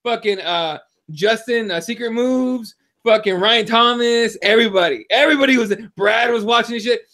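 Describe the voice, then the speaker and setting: A man co-hosting a combat sports podcast, talking in a casual, profane, excitable way and telling stories with lots of animation. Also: extremely high pitch, normal speed. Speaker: podcast co-host.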